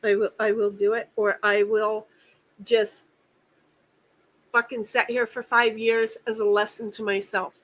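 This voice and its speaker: A woman's voice: medium pitch, level tone, unhurried, fairly bright tone, low-quality recording. A woman hosting a casual livestream from home, venting angrily and swearing, often repeating herself. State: angry and upset. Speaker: stream host.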